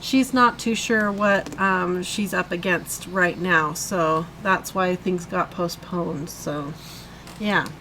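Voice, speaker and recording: Woman, live coloring host, relaxed slow pace, chatty demonstrating, faint background noise. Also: fairly low pitch, low-quality recording. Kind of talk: casual live tutorial.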